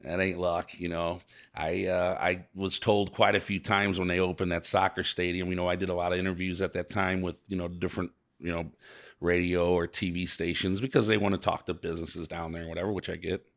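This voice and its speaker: A business owner from St. Louis, USA, appears as a guest in a casual interview. His voice is gravelly and low with a flat delivery, and he speaks haltingly, repeating words, emotional and earnest.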